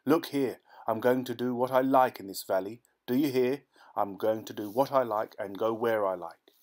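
A man reading aloud, voicing a desperate young man cornered by a crowd, shouting with a voice that breaks with emotion. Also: mid-range voice, expressive, moderate pace, voice pushed up, close to an everyday voice. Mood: defiant.

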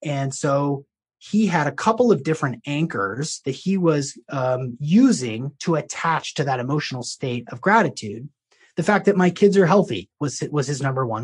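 A man's voice: fairly high pitch, expressive, moderate pace, slightly rough. A man, a life coach, talking as a podcast guest and telling a long story in a loose, rambling way with frequent restarts. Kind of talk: conversational storytelling.

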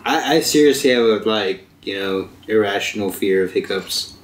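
A man's voice: on the low side, animated, normal speed, a little hiss or hum. A man chatting casually about games with friends, often starting over with repeated words. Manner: hesitant, restarts with repeated words. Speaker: co-host of a gaming show. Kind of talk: casual let's-play banter. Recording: roomy room sound.

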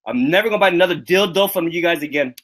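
Husky guy ranting on a prank call, swearing a lot, voice jumps all over. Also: a little high, animated, racing, fairly bright tone. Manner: indignant, swearing, repeats himself. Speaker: livestream host making a prank call. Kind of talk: loud prank phone call.

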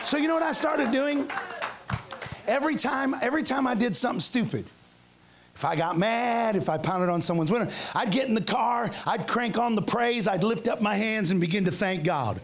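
A middle-aged male pastor preaching a revival sermon, telling stories and acting out his own past outbursts with shouts, in a church. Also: very high-pitched, measured pace. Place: church sanctuary.

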